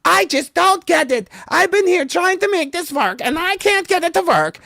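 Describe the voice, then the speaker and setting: A man voicing an angry, frustrated middle-aged woman with a high, nasal, whiny voice. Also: lively intonation, moderate pace, gravelly, no room sound, studio quality, heavily acted. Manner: yelling in frustration.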